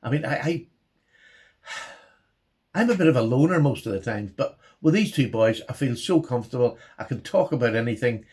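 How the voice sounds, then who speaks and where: A middle-aged man, hosting his knife channel and chatting excitably to his viewers, often restarting and laughing. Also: mid-range voice, normal speed, husky. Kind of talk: casual chat to camera.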